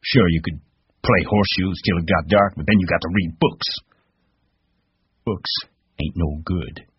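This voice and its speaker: A man reading a story, voicing a lonely, bitter older stable hand who muses slowly in rural talk. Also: sits low, highs cut off, a little hiss or hum. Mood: brooding. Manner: slow, musing rural talk.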